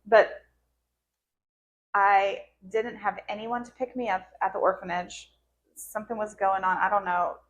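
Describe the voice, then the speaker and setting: A woman's voice: mid-range voice, steady tone, a little slow, pauses often, a little hiss or hum. A woman podcast host telling an emotional personal story in casual conversation, her voice rising and cracking into tearful laughter as she relives moments.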